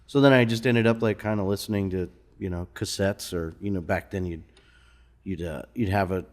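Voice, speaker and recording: A man from Missouri, a musician guest, telling stories in a relaxed, casual interview conversation in a bar lounge. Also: sits low, moderate pace. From Missouri, USA.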